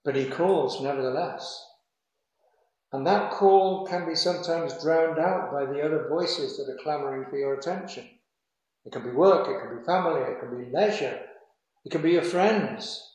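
A man preaching a sermon in an earnest, measured way, slowing down to stress key phrases. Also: a little high, a little mellow. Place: church. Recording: very echoey hall.

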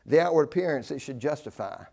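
Preaching a sermon, an older man talks fast in an animated, creaky voice on the high side. He's emphatic, repeating key phrases and swinging from loud declarations to hushed asides.

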